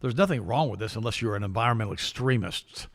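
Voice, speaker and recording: A middle-aged man co-hosting a talk show, speaking quickly with a gravelly voice. He reads news pieces aloud and breaks in with sarcastic opinions. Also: on the low side, animated. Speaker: co-host.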